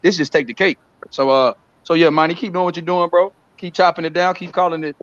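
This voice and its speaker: Fast-talking man, heated and mocking. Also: a little high, dry recording, muffled recording. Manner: fast, animated, mocking impressions. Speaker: guest on a live stream. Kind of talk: heated casual talk.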